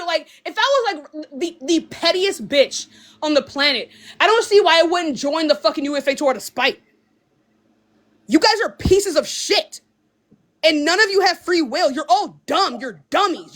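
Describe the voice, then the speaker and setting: A woman's voice: very high voice, lively intonation, a little slow, fairly bright tone. A young woman livestreaming, ranting angrily and hurling profane insults at her viewers. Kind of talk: live-stream rant.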